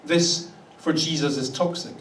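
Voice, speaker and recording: A male pastor delivering a sermon in a loose, conversational way, wry and quick to act out the voices of the people he quotes. His voice sits a touch high for a man. The sound carries the echo of a large church hall, heard from a little way off the mic, with a faint hum of the room behind it. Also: steady tone. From Canada. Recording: echoey church hall, voice a bit distant.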